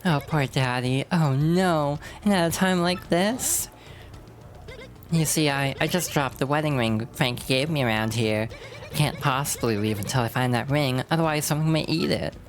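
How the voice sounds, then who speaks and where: A woman's voice: sits low, normal speed, voice pushed up, lightly acted. A woman voicing a clingy, melodramatic young wife in a game, in a whiny, raised voice. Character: clingy dramatic young wife, pampered mobster's daughter.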